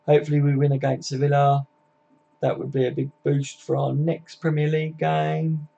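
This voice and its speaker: A man's voice: a little high, monotone, normal speed, gravelly, warm tone, lo-fi sound. A man hosting a casual live football chat, reading and answering viewer comments by name, swearing freely and laughing often. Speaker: livestream host.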